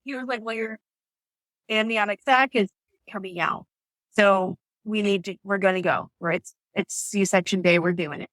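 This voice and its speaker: A woman in her thirties telling her birth story as a podcast guest, lively and quick to act out what people said. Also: mid-range voice, dry recording. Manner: animated storytelling, acts out quotes.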